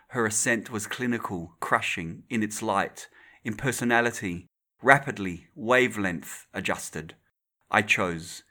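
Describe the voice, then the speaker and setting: A man giving a dramatic poetry reading with measured, deliberate phrasing. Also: on the low side, bright, forceful tone.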